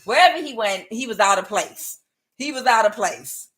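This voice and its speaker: A woman's voice: a little high, animated, normal speed, noisy background. A middle-aged woman giving a casual tarot reading. She is chatty, laughs often and calls her viewers y'all. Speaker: tarot reader.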